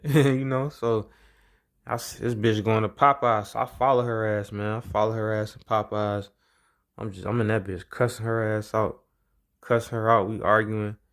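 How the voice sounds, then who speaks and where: Low-voiced man telling a rambling story. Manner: rambling, profane, repeats phrases. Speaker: vlogger. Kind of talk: casual storytelling monologue.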